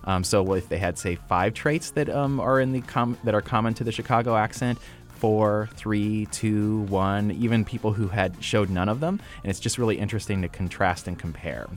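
A man hosting a radio segment in relaxed, conversational chat. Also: on the low side, normal speed, faint music behind. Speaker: radio host. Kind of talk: casual studio chat.

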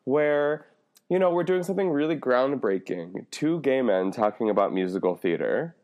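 A man's voice: mid-range voice, lively intonation, normal speed, dull audio. A man co-hosting a podcast in casual banter, giggly and trailing off with um's. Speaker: podcast co-host.

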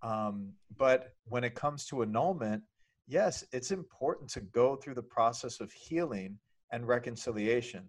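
A man's voice: mid-range voice, a little slow. A man, a priest co-hosting a podcast, talking in an effusive, emotional way. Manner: effusive and emotional, excited exclamations. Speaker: priest co-host. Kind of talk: casual podcast chat.

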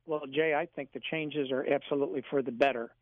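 A man answering interview questions as a golf club professional, measured and matter-of-fact, on a phone line. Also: mid-range voice, steady tone, dry recording.

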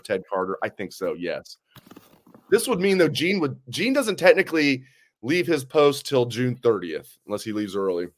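A man hosting a sports podcast in a chatty way, laying out arguments and asking his co-host questions. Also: medium pitch. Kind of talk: casual sports talk.

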